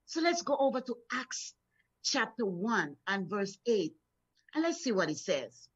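A woman's voice: mid-range voice, sing-song, unhurried, slightly rough. A middle-aged woman minister from Florida gives a morning devotional in an encouraging, storytelling way. She often repeats words as she builds momentum. The recording sounds dull and lo-fi. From Florida, USA. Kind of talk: devotional sermon.

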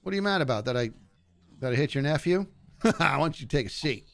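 A man streaming a game live, talking in a lively voice that jumps high when something goes wrong. His pitch sits a little higher than most men's, and he jokes with the monsters as he plays. Faint game music plays underneath. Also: brisk, vocal fry. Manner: animated, jokey, talks to game enemies. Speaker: gaming streamer. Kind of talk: casual live game commentary.

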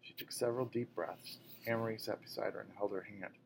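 A man reading a novel aloud in a steady way, now and then correcting a slip. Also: on the low side, fast talker, creaky, slight background noise, rough recording. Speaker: reader.

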